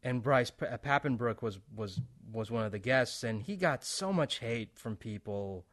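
A man's voice: medium pitch, lively intonation, moderate pace, fairly bright tone. Blunt, exasperated man in casual chat. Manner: blunt, exasperated, swears freely.

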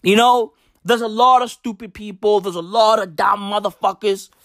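A woman's voice: medium pitch, fairly even intonation, normal speed, no echo, clean studio sound. A woman hosting a podcast, ranting comically with constant swearing and rhetorical questions. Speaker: podcast host. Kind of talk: profane comedic rant.

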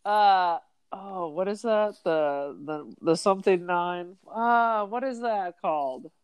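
A woman's voice: on the low side, slow, clean tone, no room sound. A woman co-hosting a podcast in casual chat, full of wry, sarcastic quips. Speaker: podcast co-host.

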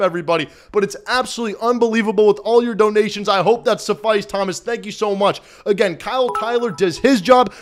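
Male stream host, high voice, excitable and loud, recaps from his apartment. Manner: hyped, shouting, loud cheering bursts. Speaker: fan postgame show host.

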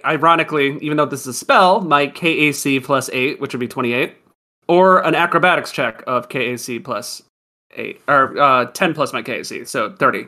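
A man's voice: on the high side, bright, forceful tone. A man playing a tabletop game, explaining rules and laughing at his own turn. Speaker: player. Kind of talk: casual tabletop game play.

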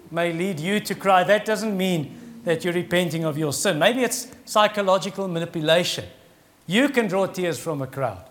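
Middle-aged guy preaching, fairly high voice, earnest and chatty, pushes harder on key points. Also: a bit bright. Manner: earnest, conversational preaching with rising emphasis. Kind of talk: sermon.

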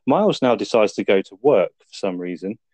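A man's voice: on the low side, lively intonation, brisk, a little mellow, dry recording. A man co-hosting a film review podcast, retelling the plot in a laid-back, sweary way. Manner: laid-back storytelling with frequent swearing and laughs. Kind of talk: casual chat.

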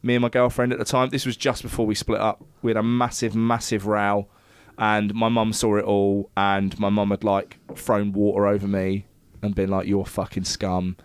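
A man's voice: on the low side, level tone, moderate pace, hardly any pauses, smooth, dry recording. A man, telling sweary, self-deprecating anecdotes in a casual chat.

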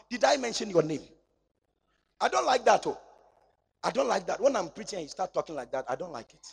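A man preaching a sermon in church, swinging between shouting and near-whispering. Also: high-pitched, vocal fry, breathy edge. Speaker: pastor.

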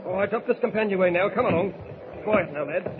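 A man plays a menacing mutineer ringleader, barking threats in coarse grammar. His voice sits high, coming through a muffled 1940s radio broadcast with faint hiss. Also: fast, close to an everyday voice.

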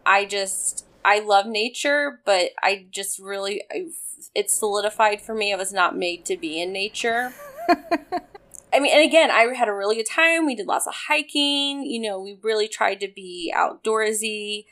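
A woman's voice: mid-range voice, normal speed, a bit bright. Woman co-host, resonant voice, rambling self-deprecating storyteller, casual. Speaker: podcast co-host. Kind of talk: casual chat.

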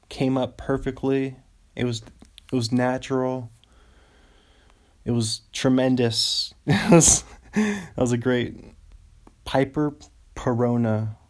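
A man hosting a solo podcast, rambling and amused with himself as he cheers on his own jokes. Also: medium pitch. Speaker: podcast host.

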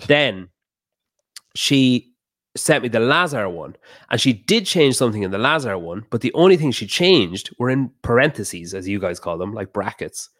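A man talking as a podcast guest, telling a heated story fast and swearing often. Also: medium pitch, very animated, fairly bright tone, no echo, studio quality. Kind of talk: casual podcast chat.

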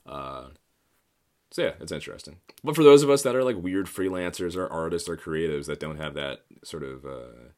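A man in his thirties rambling through a casual, profane, self-mocking monologue. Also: rumbling low. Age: 30s.

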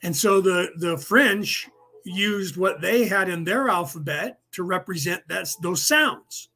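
High, husky, and a bit bright, this man's voice carries a casual livestream lecture he hosts as a podcast host teaching a class. He meanders through explanations, repeats himself, and spells words out letter by letter.

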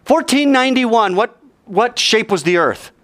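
Lively, animated male Bible teacher. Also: very high voice, measured pace, no echo. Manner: joking, vivid, addresses listeners directly. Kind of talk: animated storytelling lesson. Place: hot indoor room.

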